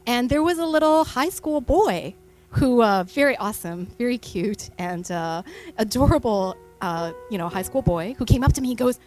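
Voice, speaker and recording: Chatty woman pastor, fairly high voice. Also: animated, moderate pace, darkish tone, soft background music. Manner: chatty storytelling with many fillers. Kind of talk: sermon. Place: church stage. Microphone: stage microphone.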